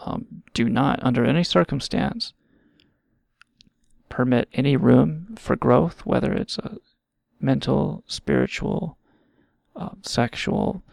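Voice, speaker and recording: A man with a heavily gravelly, fry-laden voice rants and riffs sarcastically, swearing freely as he rambles. The sound is close and dry, with no room behind him. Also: medium pitch, takes it slowly, pauses often, a little mellow, no room sound. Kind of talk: casual comedic rant.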